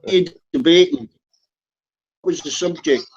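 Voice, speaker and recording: Man, teasing insults, somewhat high voice, muffled lo-fi sound. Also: measured pace, slightly rough. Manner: teasing, insulting banter, repeats himself. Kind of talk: casual online voice chat. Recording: muffled lo-fi line.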